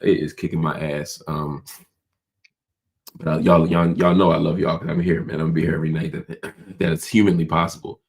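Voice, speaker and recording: Deep-voiced man hosting, fighting a cold. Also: level tone, fairly quick, vocal fry, pauses often. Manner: loose, conversational, addresses viewers as y'all. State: hoarse with a cold. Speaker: host. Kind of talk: casual nightly livestream talk.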